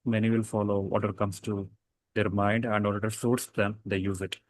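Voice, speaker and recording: A man's voice: on the low side, little pitch movement, fairly quick, dry recording. A man teaching a casual grammar lesson, explaining rules with fillers and self-corrections.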